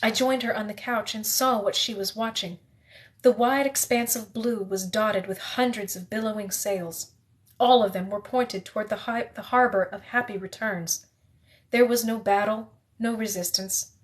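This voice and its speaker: A woman reading a novel aloud in the first person, steady, with the odd slip she corrects. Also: medium pitch, normal speed. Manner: steady reading with occasional slips and self-corrections. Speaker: reader.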